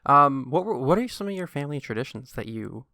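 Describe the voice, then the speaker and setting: A man's voice: medium pitch, sing-song, a little fast, sharp tone, no echo, studio quality. A young man co-hosting a podcast, enthusiastic and giggly, often stammering as he restarts sentences. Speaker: podcast co-host. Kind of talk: casual chat.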